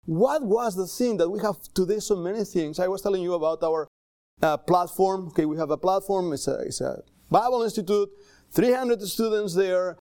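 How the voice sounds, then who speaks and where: A male pastor preaching a sermon in a church in accented English with small grammar slips, conversational and animated. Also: high-pitched, normal speed, no room sound, clean studio sound. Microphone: livestream camera mic.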